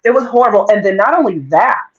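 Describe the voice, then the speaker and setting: A woman in her forties from North Carolina, telling a story as a guest in a casual interview, animated and quick to laugh. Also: medium pitch. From North Carolina, USA. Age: 40s. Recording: dull lo-fi audio.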